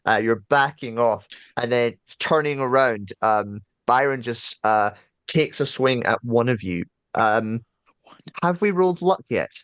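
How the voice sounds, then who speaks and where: A man's voice: mid-range voice, unhurried, clean tone, no room sound. A man narrating as game master of a tabletop horror game, telling the scene with many fillers. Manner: lively storyteller, many fillers.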